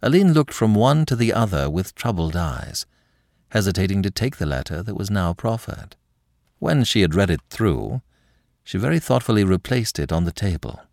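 A man's voice: low voice, moderate pace, gravelly, dry recording, clean studio sound. A man narrating a classic novel expressively as a podcast reader. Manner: expressive storytelling. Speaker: audiobook narrator. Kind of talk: scripted narration.

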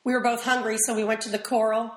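A woman talks as an interview guest in a loose, rambling way, full of quick asides. Her voice sits a little high. The room around her is echoey. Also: level tone. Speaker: actress guest. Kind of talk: casual interview chat.

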